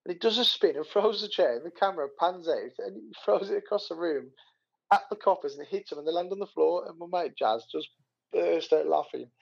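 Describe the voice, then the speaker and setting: A man chats casually on a podcast, rambling through stories with plenty of fillers and restarts. His voice has a gravelly edge. The recording sounds a little muffled. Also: high voice, brisk. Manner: rambling, animated retelling with many fillers and restarts. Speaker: podcast co-host. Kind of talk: casual chat.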